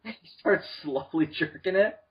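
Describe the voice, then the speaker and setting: A young man chatting on a comedy podcast, crude and excitable, breaking into loud acted-out yells. His voice sits a little high. The recording sounds dull and lo-fi. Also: moderate pace, breathy edge. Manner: crude, excitable, acts out scenes in yelling voices. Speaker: podcast co-host. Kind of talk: casual comedic chat.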